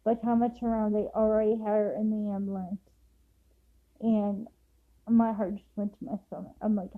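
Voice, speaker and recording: A grieving mother telling a personal story to camera in a raw, emotional way, sometimes rushing her words. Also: medium pitch, flat delivery, narrow, tinny audio. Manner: raw, emotional retelling, rushed bursts.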